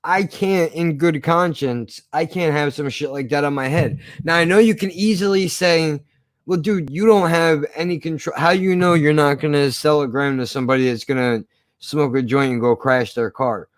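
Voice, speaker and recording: A man with a higher voice recounts a story from his past at a moderate pace, with no echo on the recording. He swears a lot and animatedly acts out the argument.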